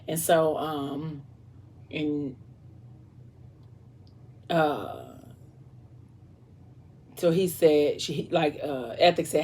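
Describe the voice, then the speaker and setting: Sleepy, husky-voiced woman rambling. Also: low-pitched, steady tone, very slow, long pauses, a little mellow. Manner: rambling, many fillers and restarts. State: sleepy and tired. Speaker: vlogger retelling a novel. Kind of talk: casual storytime recap.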